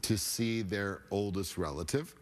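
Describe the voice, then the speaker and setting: An American man, a film actor and producer, talking in a relaxed, halting way as a talk show guest. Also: fairly low pitch. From United States. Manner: relaxed, laid-back, halting.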